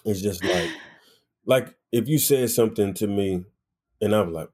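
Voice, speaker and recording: Laid-back young man, low voice. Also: normal speed, dark tone. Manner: laid-back storytelling, acts out voices in anecdotes. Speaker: musician guest. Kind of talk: casual interview conversation.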